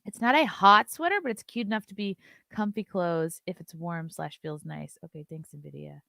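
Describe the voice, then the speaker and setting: A woman's voice: lowish voice, normal speed, gravelly, bright, forceful tone, dry recording, clean studio sound. A woman hosting a live-stream show, chatting loosely, reading viewer messages aloud and swearing casually.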